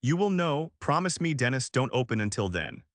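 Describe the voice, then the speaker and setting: A man's voice: mid-range voice, very animated, normal speed, no room sound, studio quality, close to an everyday voice. A man voicing an old, fatherly immigrant mentor who speaks in clipped, broken phrases. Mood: earnest advice.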